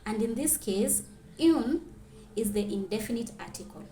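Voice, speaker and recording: A woman's voice: mid-range voice, brisk, warm tone, a little hiss or hum. Woman, language teacher, careful explanations, roomy echo. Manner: clear, careful, reads French examples then translates. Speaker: French teacher. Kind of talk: explaining grammar lesson.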